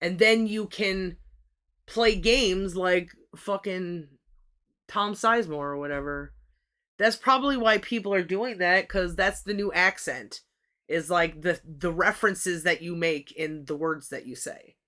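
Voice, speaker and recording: A woman with a lowish, bright, forceful voice hosts a livestream at an unhurried pace. Her chat is loose and rambling, full of swearing, and she keeps restarting her sentences.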